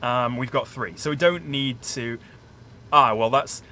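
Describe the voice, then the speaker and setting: A chatty man with a South Yorkshire accent talks through a solo board game on a live stream, rambling and thinking aloud as he explains each move to his viewers. His pitch sits in an ordinary middle range, and a faint hum of a home boiler hangs behind him in the room. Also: unhurried, sharp tone. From small town outside Sheffield, England. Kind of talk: casual live-stream chat explaining rules. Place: indoors at home, curtained room. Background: faint boiler noise.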